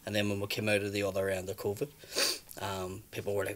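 A man's voice: on the low side, monotone, quick pace. A man in his thirties with a Belfast accent, a stand-up comedian telling stories bluntly, swearing freely and acting out what people said. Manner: blunt storyteller, swears freely, acts out quotes. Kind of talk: casual chat.

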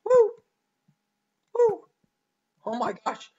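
Excitable woman ranting over gameplay. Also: fairly low pitch, lo-fi sound. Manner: rambling, quick to shout in frustration. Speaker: gaming channel host. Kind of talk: live gameplay commentary.

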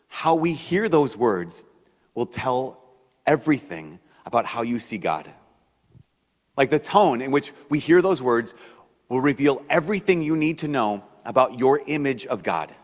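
A man preaching a sermon as a priest, in a conversational, animated way, acting out the voices he quotes. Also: mid-range voice. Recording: long hall reverb.

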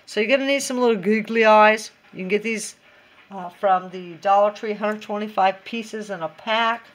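A woman's voice: medium pitch, normal speed. A woman in a casual DIY craft tutorial, chatty and giggly and talking to herself as she works.

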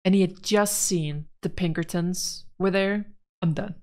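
A woman's voice: fairly low pitch, a little slow, a little mellow. A woman giving casual gameplay commentary, rambling frankly and with exasperation about the story as a let's play gamer.

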